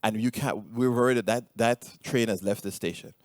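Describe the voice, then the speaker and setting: Low-voiced Jamaican-accented man presenting. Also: normal speed, no room sound, studio quality. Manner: hesitant, many ums and restarts. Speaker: conference speaker. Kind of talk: conference presentation.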